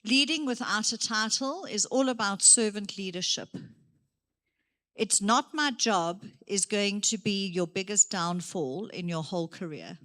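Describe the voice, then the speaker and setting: A woman giving a motivational career day talk in a church hall, lively and full of acted examples. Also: mid-range voice, normal speed, few pauses. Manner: lively, gives acted examples, moves around.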